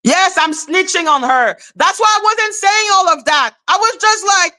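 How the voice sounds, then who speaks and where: A woman hosting a commentary channel, ranting bluntly in a heated, profane, animated casual style. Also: very high voice. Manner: blunt, profane, animated, rapid repeated questions.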